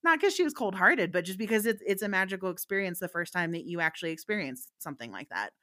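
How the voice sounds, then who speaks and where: A woman's voice: on the low side, big pitch swings, fast talker, sharp tone. A woman, a psychic medium guest, telling a story in a candid, chatty way and laughing often. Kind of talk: casual anecdotal storytelling.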